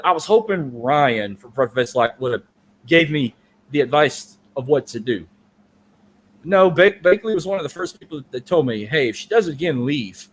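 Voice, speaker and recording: A man's voice: mid-range voice, expressive, brisk. Profane rambling podcast storyteller, a man. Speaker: podcast co-host. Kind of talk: casual storytelling chat.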